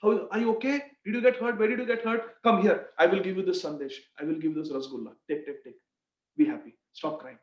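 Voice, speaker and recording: A man's voice: fairly high pitch, fairly even intonation, quick pace, mellow, close to an everyday voice. A man voicing a kind father who scolds his own son, then coaxes and comforts a hurt boy in an apologetic, fussing way. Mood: soothing. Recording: roomy, dull lo-fi sound.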